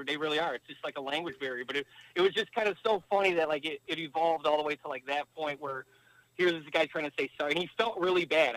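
Animated rambling man telling a story. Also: on the high side, no echo, rough recording. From United States. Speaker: guest, former pro hockey player. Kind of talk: casual storytelling interview.

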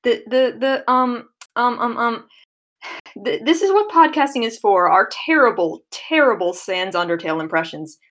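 A woman's voice: fairly high pitch, expressive, normal speed, a bit bright. A woman co-hosting a podcast in casual chat, hesitant, with many fillers and easy laughter. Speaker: podcast co-host.

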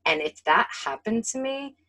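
Animated husky woman chatting. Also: fairly high pitch, moderate pace. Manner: animated and profane, acts out quotes. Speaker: podcast co-host. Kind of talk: casual chat about a film.

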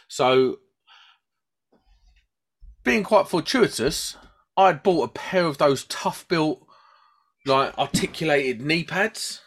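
Chatty British man telling a story. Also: mid-range voice. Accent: British English. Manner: rambling and animated, acts out voices in his stories. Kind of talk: casual chat, storytelling.

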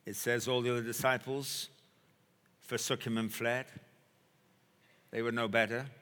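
A male preacher delivering a sermon, telling a story with dramatic pauses and emphasis. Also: mid-range voice, little pitch movement, pushed and bright. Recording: echoey hall.

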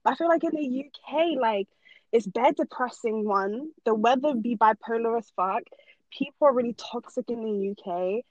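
A woman's voice: a little high, normal speed, dry recording. A woman from Norway, talking casually and emphatically in slangy chat, ranting on a podcast. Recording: dull dry close sound.

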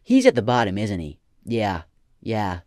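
A man putting on a loud, crude, mocking impression of a male motivational speaker. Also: fairly low pitch, wildly swooping pitch, unhurried, no echo, studio quality.

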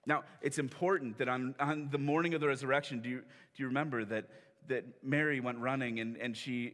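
A man's voice: mid-range voice, fairly quick, few pauses, fairly bright tone, long reverb tail. A man preaching a sermon as pastor, telling the story conversationally and acting out the quoted lines. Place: church sanctuary.

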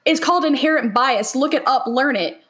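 A young woman with a high voice speaks on a podcast in an earnest, heartfelt way. She leans on "like" again and again as she works through her thoughts. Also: fairly quick, a bit bright. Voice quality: earnest, heavy use of "like" as filler. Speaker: podcast co-host. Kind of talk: emotional personal podcast talk.

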